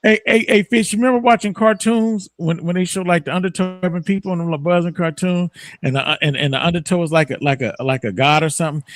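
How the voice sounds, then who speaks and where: On a morning talk show, a man with a slightly high voice tells a story quickly in casual chat. He is loose and profane and bursts into loud laughter, heard close and dry with no room echo.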